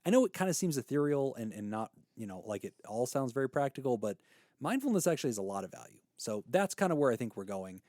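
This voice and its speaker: A man co-hosting a therapy podcast, explaining ideas in an animated, casual way and laughing easily. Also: medium pitch, fast, dry recording, clean studio sound.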